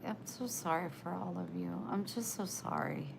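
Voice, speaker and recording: A woman's voice: lowish voice, moderate pace, creaky, hardly any pauses, noisy background. A woman livestreaming, chatting with her viewers in a tender, emotional, rambling way. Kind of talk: casual live chat.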